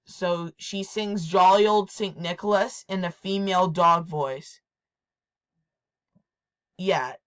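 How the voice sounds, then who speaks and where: A woman's voice: lowish voice, steady tone, slow, pauses often, clean tone, lo-fi sound. A woman presenting her toy collection in a casual show-and-tell, repeating herself and restarting her sentences often. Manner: repetitive, hesitant, restarts often.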